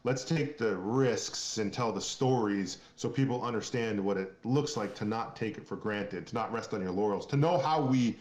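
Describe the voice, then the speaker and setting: A man's voice: on the low side, moderate pace, few pauses, darkish tone, roomy sound. A man from Maine, a company founder being interviewed, talking earnestly in a rambling way with many restarts. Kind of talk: casual podcast interview.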